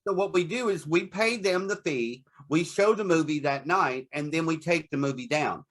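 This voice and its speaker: Laughy chatty guy on an interview, bit higher voice, talks about his show. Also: moderate pace, a bit bright. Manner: laughs often, chatty and candid. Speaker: guest, horror host performer. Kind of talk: casual interview.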